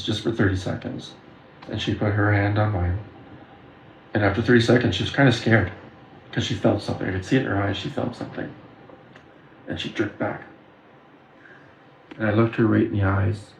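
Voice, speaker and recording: Fairly low in pitch and fairly even in intonation, this man talks earnestly and intensely about his spiritual experiences. A video creator from Windsor, Ontario and the Detroit area, he tells personal stories in a monologue punctuated by filler pauses, recorded in an echoey room with faint background noise.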